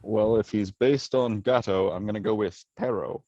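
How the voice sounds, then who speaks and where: A man's voice: on the low side, normal speed, mellow, dry recording, dull audio. A man playing a trivia game, laid-back and joking. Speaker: quiz contestant. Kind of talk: casual chat on video call.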